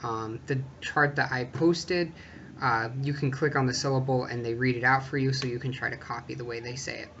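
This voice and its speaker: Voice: medium pitch, fairly even intonation, a little fast, a bit bright, muffled recording, slight background noise. A vlogger giving a casual, chatty tutorial that walks through each point step by step.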